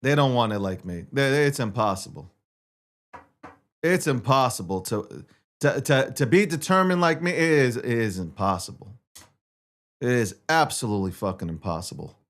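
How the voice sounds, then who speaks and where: A man's voice: mid-range voice, lively intonation, moderate pace, a bit bright. A man hosting a livestream, talking in an intense, profane and repetitive rant. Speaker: livestream host. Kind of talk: ranting livestream monologue.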